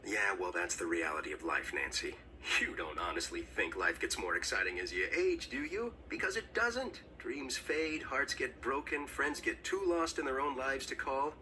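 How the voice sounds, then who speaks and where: An actor playing a weary, cynical middle-aged storm professor in a mystery game, gruff and bitter, captured as game audio from a distance with faint noise. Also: male voice, medium pitch, animated, moderate pace, bright, forceful tone. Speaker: game character.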